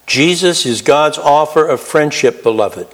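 A man preaching a sermon in an earnest storytelling manner, slowing down to stress key words. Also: fairly high pitch, animated. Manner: earnest, storytelling, slows for emphasis.

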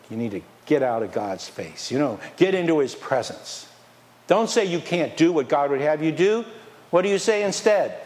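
A man preaching a sermon as pastor, lively and conversational, firing questions at the congregation and dropping from loud emphasis to near whispers. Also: medium pitch, fairly quick. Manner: animated, questions the congregation, swings from loud to quiet; playfully mocks excuses in a whiny put-on voice.

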